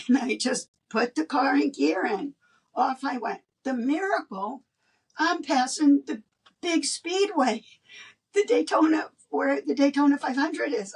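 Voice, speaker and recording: An older woman, a guest in an interview, telling a personal story in an animated way and laughing between lines. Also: sits high, unhurried, recorded from a distance.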